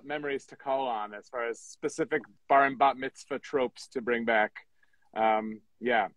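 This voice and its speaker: A mid-pitched man from Michigan talks about songwriting in a loose, joking, self-deprecating way. His voice sits close and dry on the mic, with quick asides. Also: no room sound, rough recording. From Michigan, USA. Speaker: songwriter guest. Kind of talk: casual podcast chat.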